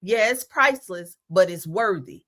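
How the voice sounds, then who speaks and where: A woman's voice: mid-range voice, expressive, fairly bright tone. A woman giving a spiritual teaching talk, preaching emphatically and reading out declarations. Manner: self-aware of talking fast.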